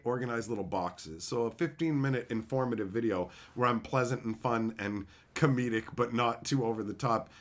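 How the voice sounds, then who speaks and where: A man chatting casually with viewers on a live stream, profane, animated and openly emotional. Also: mid-range voice.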